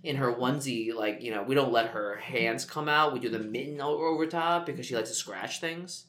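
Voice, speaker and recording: A man's voice: mid-range voice, brisk, a bit bright. A man co-hosting a podcast, telling a long story in casual chat with jokes and lots of fillers. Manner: rambling, jokey storytelling with many fillers. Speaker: podcast co-host.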